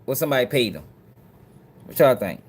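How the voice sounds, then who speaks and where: A man's voice: medium pitch, big pitch swings, fairly quick, husky. A man hosting a commentary show, reacting to clips in slangy, profane casual talk aimed straight at his viewers.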